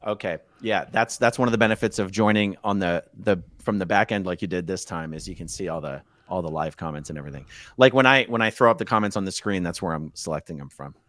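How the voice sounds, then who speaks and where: Low-voiced guy hosting a live show, polite, thanks everyone, dry mic. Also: quick pace, fairly bright tone, no echo. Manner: polite, encouraging, wraps up the show. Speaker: host. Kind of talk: livestream interview chat.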